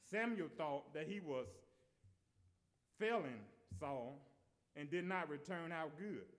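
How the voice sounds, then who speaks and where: Brief: male preacher with a high voice, earnest sermon delivery, repeats himself. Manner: earnest, repeats and restarts words.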